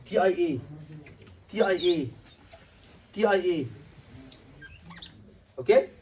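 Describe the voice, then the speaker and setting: A man's voice: high-pitched, expressive, takes it slowly, a little mellow, recorded from a distance, slight background noise. A man, tutoring a class for a medical exam, emphatic and repeating key words over and over. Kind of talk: classroom lecture.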